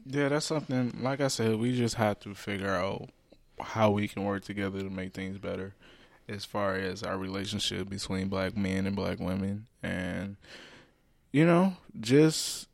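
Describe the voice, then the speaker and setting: A man's voice: lowish voice, unhurried, gravelly, dry recording. A young man co-hosting a podcast, talking in a laid-back, rambling way with fillers. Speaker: podcast co-host. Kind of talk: casual podcast chat.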